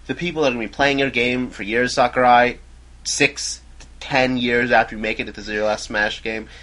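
A man's voice: mid-range voice, fairly quick, low-quality recording. A young American man rambling animatedly in a casual chat in a dorm room. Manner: rambling, animated, laughs loudly. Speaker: podcast co-host.

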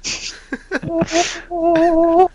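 A man's voice: very high voice, monotone, extremely slow, darkish tone. A man co-hosting a podcast, playful and teasing, often bursting into laughter. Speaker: podcast co-host. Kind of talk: casual chat.

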